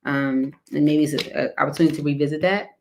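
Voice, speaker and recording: A woman's voice: sits low, steady tone, fast, creaky, slight background noise. A woman giving a casual tarot reading, talking loosely with lots of fillers and little laughs. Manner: rambling, filler-heavy, laughs between cards. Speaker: tarot reader.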